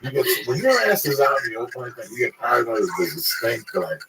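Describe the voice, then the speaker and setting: A man from Cuba telling stories in casual, profane, animated chat. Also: mid-range voice, fast. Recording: distant mic, loud background noise.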